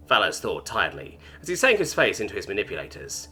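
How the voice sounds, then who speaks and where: A man narrating a science fiction story in an expressive, scripted reading. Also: on the low side, fast talker, few pauses, slightly rough, faint music behind.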